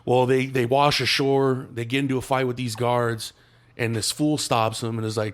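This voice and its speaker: A man's voice: mid-range voice, flat delivery, normal speed. A man on a podcast retelling a movie plot in loose, slangy, profane chat, restarting often. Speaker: podcast co-host.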